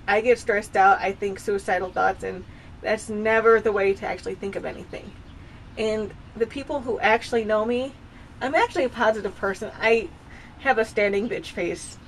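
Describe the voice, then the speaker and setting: A woman's voice: mid-range voice, slight background noise. Rambling confessional woman in her thirties. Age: 30s. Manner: rambling and confessional, with frequent restarts. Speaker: vlogger. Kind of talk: casual personal vlog. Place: home with dogs nearby.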